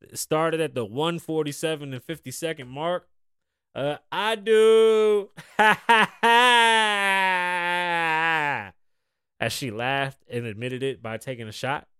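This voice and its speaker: A man's voice: medium pitch, steady tone, moderate pace, few pauses, smooth, dry recording, clean studio sound. A man hosting a podcast in casual chat, rambling and swearing freely as he reads and reacts to stories. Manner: rambling, profane, laughs at his own stories. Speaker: podcast host.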